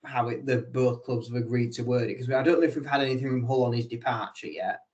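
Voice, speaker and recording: A man's voice: mid-range voice, fast talker, darkish tone, lo-fi sound. A man co-hosting a casual sports podcast, teasing his co-host and working through theories in a wry, analytical way. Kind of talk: casual chat.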